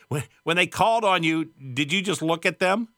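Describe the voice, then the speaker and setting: A man's voice: sits high, moderate pace, bright, forceful tone, dry recording, clean studio sound. A male host asking long, leading questions with filler words. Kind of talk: interview questions.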